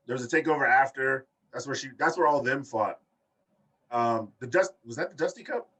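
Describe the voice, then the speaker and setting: A man co-hosting a loose podcast chat, with a bright, husky voice. He sits a bit back from the mic, so he sounds slightly distant. He tells stories in long chains and jumps up in pitch when he quotes people. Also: a little fast. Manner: animated storyteller, acts out quotes with big pitch jumps. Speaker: podcast co-host. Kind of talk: casual chat.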